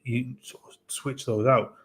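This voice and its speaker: A man talking through his football club's squad in a steady, level voice with little rise and fall. He is measured and thoughtful, often restarting his sentences as he works out a point. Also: medium pitch, breathy edge. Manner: measured, hesitant with many restarts. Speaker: co-host of a football fan show. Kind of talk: casual football analysis.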